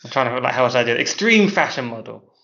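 A man in a casual podcast chat, hesitant and thinking aloud with many pauses. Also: medium pitch, expressive, gravelly, a bit bright. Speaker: podcast co-host. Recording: dull lo-fi recording.

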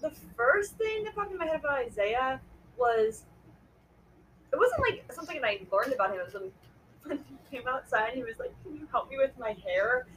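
A young woman chatting casually in a group, halting and laughing between thoughts. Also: high voice, expressive, fairly bright tone, distant mic, a little hiss or hum, low-quality recording. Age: young adult.

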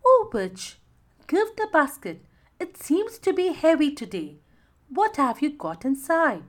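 A woman's voice: sits high, very animated, unhurried, voice pushed up. A woman voicing a greedy young mermaid who speaks in a sugary, wheedling way. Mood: sweet. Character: greedy young female mermaid, sweet then pleading.

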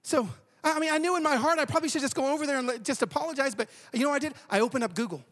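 A man preaching a sermon, an animated storyteller who often repeats words. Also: very high voice, rapid-fire. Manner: animated, repeats words while telling stories. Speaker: pastor.

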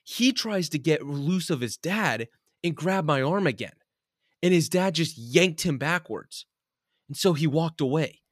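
A young man tells a story in a casual chat. His voice sits fairly high and jumps all over the place. He swears freely and breaks into laughter, and the sound is dry and close. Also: expressive, measured pace, dry recording.

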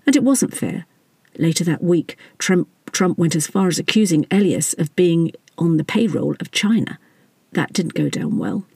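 Wry narrator, husky tone, dry close mic, satirical chapter read. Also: medium pitch, sing-song, normal speed, a little mellow, dry recording. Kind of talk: scripted audiobook narration.

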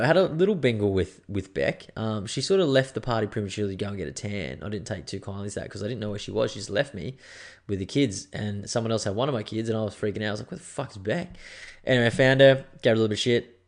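Swearing Australian bloke telling stories. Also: male voice, lowish voice. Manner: animated, swears freely, slangy. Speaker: podcast host. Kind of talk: casual storytelling. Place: indoors at home.

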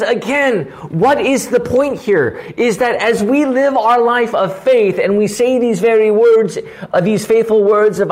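High-voiced man preaching, earnest and animated. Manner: earnest, animated, often asks "right?". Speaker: pastor. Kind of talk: teaching sermon.

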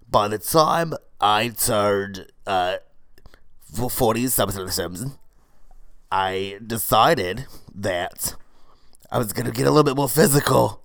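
Here a brash woman in her forties with a struggling cold-yoga studio rambles through a comedy monologue, voiced by a man who hardly changes his own fairly low voice. It's recorded dry, no room sound and no echo, and she keeps stumbling over "uh" and "you know" while making crude remarks in a flat, matter-of-fact manner.

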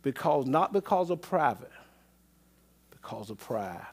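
A man preaching a sermon as pastor, swinging between loud exclamations and low murmurs, with repeated call-outs to the congregation. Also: big pitch swings, measured pace, slight background noise. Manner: repetitive call-and-response phrasing.

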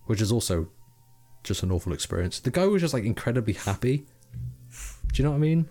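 A young man co-hosting a casual podcast, talking in long, animated runs. He swears freely and slips into quick impressions of other people, with faint music behind him. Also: medium pitch. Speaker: podcast co-host. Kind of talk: casual chat.

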